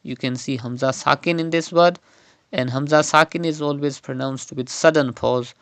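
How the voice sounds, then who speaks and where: A man teaching Quran recitation step by step, slowly modelling and repeating each word's pronunciation. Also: a little high, steady tone, dry recording.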